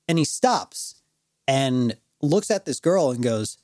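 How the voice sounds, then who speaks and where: A man's voice: a little high, lively intonation, a little slow, a little mellow, no room sound, clean studio sound. A man co-hosting a podcast, telling a story in casual chat, swearing, laughing and acting out other people's lines. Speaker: podcast co-host.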